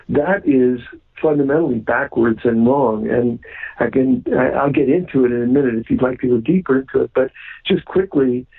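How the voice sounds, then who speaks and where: Gravelly, husky man, guest on a radio interview, earnest, phone-line sound. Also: mid-range voice. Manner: earnest, with many ums and restarts.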